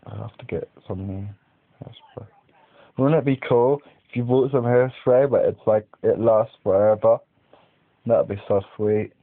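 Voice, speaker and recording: This young male vlogger rambles casually to the camera from home, sitting indoors by a window, peppering his talk with "like" and plenty of swearing. His voice sits on the low side at a measured pace, and the tinny lo-fi webcam audio carries slight background noise.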